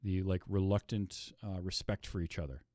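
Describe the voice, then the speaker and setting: Expressive low-voiced male podcast host. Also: normal speed, no echo, clean studio sound. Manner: animated storytelling, acting out his own reactions. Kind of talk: casual chat about a film.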